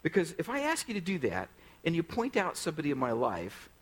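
A man's voice: on the high side, wildly swooping pitch, fairly quick, rough recording. A male pastor preaching a sermon in a conversational way, often putting direct questions to the congregation.

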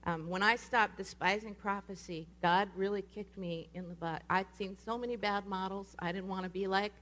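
Speaking at an ordinary pace with a medium-pitched voice, a woman delivers a sermon as a casual story, animatedly voicing the people she quotes.

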